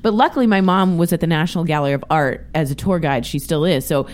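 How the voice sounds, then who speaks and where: A woman's voice: low voice, quick pace, darkish tone. A young woman from Washington, D.C., co-hosting morning radio in a studio, with a nasal voice and chatty, self-mocking talk. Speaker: radio co-host. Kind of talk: casual morning radio chat.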